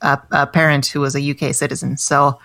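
A woman's voice: very deep voice, level tone, a little fast, gravelly, a crowd in the background. An American woman in her thirties, a comedian chatting casually as a podcast guest, self-deprecating and full of restarts. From United States.

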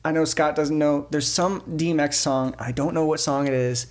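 A man hosting a podcast, chatting casually and teasing his guests with quick jokes. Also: a little high, steady tone, a little mellow. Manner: joking, teasing, quick asides. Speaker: podcast host.

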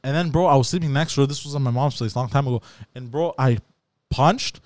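A man telling a story in casual podcast chat, animated, swearing, and saying bro a lot. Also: medium pitch, fast, no echo.

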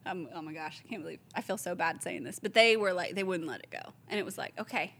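A woman, a store owner casually telling lively stories, acting out the voices of the people she quotes. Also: lowish voice, fast. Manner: animated storyteller, acts out quoted voices, laughs often. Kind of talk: casual chat.

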